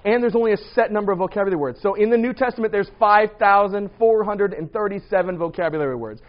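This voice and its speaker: A man's voice: high-pitched, muffled recording. A man teaching a Bible class in a conversational way, quizzing his students and often checking with "right?".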